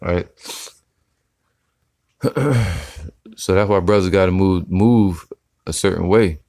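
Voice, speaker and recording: A man giving casual, slangy religious commentary, reading scripture slowly and tagging his sentences with "man". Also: low voice, darkish tone, no echo, clean studio sound. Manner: slangy, profane, preachy, says "man" often; slow deliberate scripture reading.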